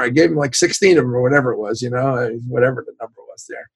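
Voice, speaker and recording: Gravelly sixty-something man telling stories. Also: medium pitch, racing, no echo. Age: 60s. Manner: animated anecdotes, acts out quoted voices, laughs often. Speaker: sports executive guest. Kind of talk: casual storytelling interview.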